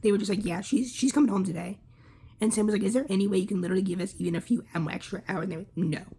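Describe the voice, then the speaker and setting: A young woman candidly recounting a personal story in a halting, casual way, swearing freely. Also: mid-range voice, warm tone, a little hiss or hum. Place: Lancaster area.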